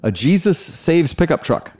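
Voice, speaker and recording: Male host, lively storyteller, wide pitch swings, plays out the quotes. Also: measured pace, husky. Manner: animated storyteller, acts out quotes, laughs often. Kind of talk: casual chat, storytelling.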